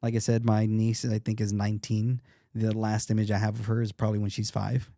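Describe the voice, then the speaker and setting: A man's voice: fairly low pitch, completely flat delivery, brisk, warm tone, no room sound, studio quality. A man in his thirties, a podcast guest, talking earnestly and reflectively, often restarting his sentences. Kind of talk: casual interview talk.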